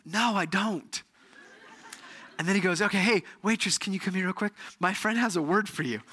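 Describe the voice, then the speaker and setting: A middle-aged man preaching as a pastor, telling stories with animated energy and acting out the voices of the people in them. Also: high-pitched, a little fast. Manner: animated storytelling, acts out quoted voices. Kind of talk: sermon. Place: church sanctuary.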